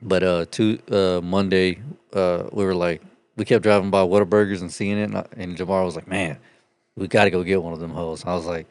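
A man with a fairly low voice chats casually, telling crude anecdotes and laughing often. His voice is close and dry with no room sound. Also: level tone, fairly quick, darkish tone, no room sound. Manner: profane, laughing storyteller. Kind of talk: casual chat.

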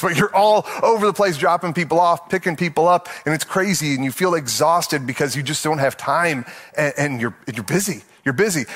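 A man in his thirties delivers a sermon like he's chatting with friends. His voice sits a bit high for a man, and he slips into quick impressions of everyday people, laughing as he goes. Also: a bit bright. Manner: conversational and playful, acting out everyday voices with laughs. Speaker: pastor.

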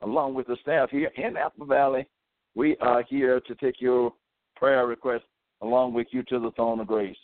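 A man's voice: medium pitch, little pitch movement, moderate pace, dry recording. A man preaching a radio sermon with fervor, sprinkling in "amen" and "praise the Lord" as he exhorts his listeners to pray. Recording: tinny phone-like radio sound.

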